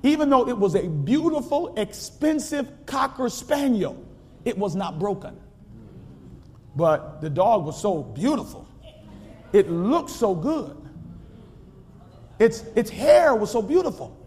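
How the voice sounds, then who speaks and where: A man preaching a sermon in a church, calling out to the congregation and swinging from shouting to quiet storytelling. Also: high-pitched, big pitch swings, slow, pauses often, a little hiss or hum. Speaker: pastor. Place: church sanctuary. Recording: long hall reverb.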